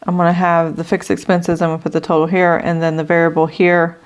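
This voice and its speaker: A woman's voice: on the low side, little pitch movement, fast talker. A middle-aged woman hosting a budgeting channel, thinking aloud as she adds up figures, a little out of breath from allergies. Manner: thinks aloud while adding numbers, with fillers. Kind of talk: casual budget walkthrough.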